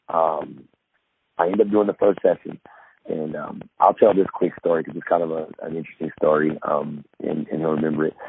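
A man's voice: low-pitched, gravelly, breathy edge. A man casually telling a long story, rambling with many fillers and restarts and acting out what people said. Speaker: podcast guest, former pro basketball player. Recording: tinny phone-like line with faint noise.

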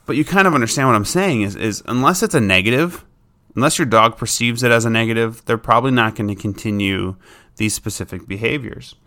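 A man's voice: medium pitch, fairly quick, bright, forceful tone. A man talking casually as a dog trainer, explaining dog behavior in an informal, plain-spoken way. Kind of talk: casual instructional talk.

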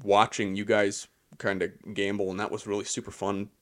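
A man's voice: on the low side, level tone, normal speed. A young man co-hosting a podcast, chatting in a rambling, easygoing way with restarts. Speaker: podcast co-host. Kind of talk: casual chat.

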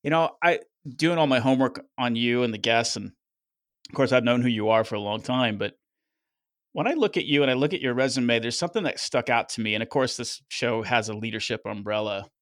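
A man's voice: medium pitch, brisk, no echo, studio quality. A man hosting a long-running interview show, asking earnest, thoughtful questions with some restarts. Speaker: podcast host.

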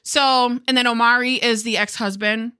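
A woman hosting a casual podcast, chatty, giggly and quick to swear. Her voice sits fairly high and sounds bright and forward. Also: clear, resonant tone. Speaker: podcast host. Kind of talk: casual chat.

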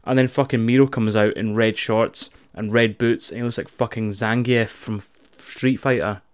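A man with a Scottish accent recapping a wrestling show in casual, profane, animated chat as a podcast co-host. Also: lowish voice, normal speed, clean tone.

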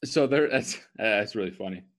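A man's voice: on the low side, animated, normal speed, a bit bright. Laid-back man chiming in on a podcast. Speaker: podcast co-host. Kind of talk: casual chat.

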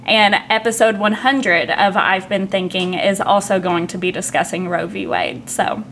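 Podcast guest, woman, Southern drawl, relaxed and talkative, faint noise behind. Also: mid-range voice, normal speed, gravelly. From southeastern Kentucky. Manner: chatty, uses fillers, says y'all. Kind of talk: casual conversation.

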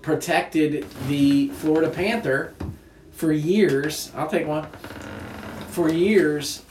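A man's voice: fairly high pitch, steady tone, slow, a little mellow, a little hiss or hum. A man co-hosting a podcast in casual chat, laughing often and restarting his sentences. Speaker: podcast co-host. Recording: roomy room, mic at a distance.

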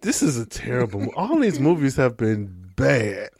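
Gravelly, laughing man. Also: mid-range voice, sing-song, moderate pace, darkish tone, dry recording, clean studio sound. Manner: laughing, profane, exclamatory. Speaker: podcast co-host. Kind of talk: casual chat, movie review.

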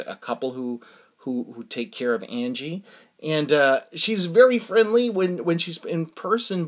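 Rambling, halting man telling a story. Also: on the high side. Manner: rambling, halting, many restarts. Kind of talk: casual personal storytelling.

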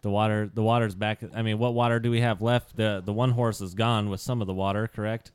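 A man playing in a tabletop game, talking haltingly with restarts and lots of swearing. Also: on the low side, flat delivery, smooth, no room sound. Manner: halting, stumbling restarts, heavy profanity. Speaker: player. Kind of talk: tabletop role-play.

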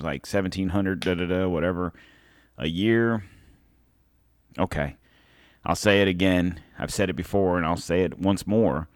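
A man's voice: sits low, no room sound, clean studio sound. A man hosting his own show, delivering a rambling, heated and sarcastic political commentary monologue. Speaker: show host.

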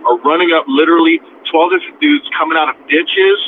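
A young man from near the US-Mexico border, telling a story in a casual chat, animated and profane, acting out other people's voices. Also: fairly high pitch, fast. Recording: tinny phone-like sound, faint noise.

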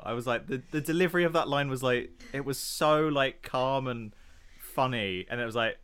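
A man's voice: mid-range voice, normal speed, a bit bright, clean tone. A man co-hosting a film podcast, chatting casually in a rambling, hesitant way. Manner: rambling, hesitant, retells chats with voices. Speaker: podcast co-host. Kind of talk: casual film review chat.

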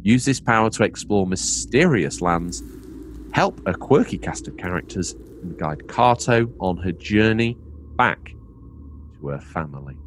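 A man's voice: sits low, big pitch swings, unhurried, a little hiss or hum. A man co-hosting a podcast, playful and jokey, reading game release news between laughs. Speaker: podcast co-host. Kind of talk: casual podcast chat and game-release readouts.

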